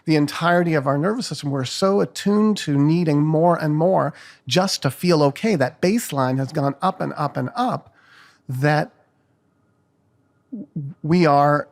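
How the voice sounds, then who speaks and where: An older man talks as a guest on a podcast, candid and reflective, dropping the odd curse. His voice is gravelly with plenty of fry and sits a touch high for a man. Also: unhurried. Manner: frank, reflective, swears freely. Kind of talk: casual interview conversation.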